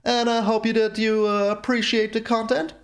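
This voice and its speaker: A man's voice: sits high, flat delivery, normal speed. A man hosting his own gameplay channel, commenting on a card game in an exasperated rant that keeps repeating itself. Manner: exasperated ranting, repeats himself. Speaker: channel host.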